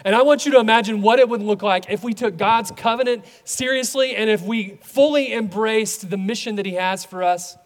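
A man preaching a sermon as a pastor, animated, acting out voices in his stories. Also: sits high, a little fast, few pauses, in a large hall.

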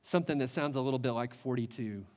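A man preaching a sermon as a pastor, earnest, building with rhetorical questions and pauses. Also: medium pitch, darkish tone, big-room sound.

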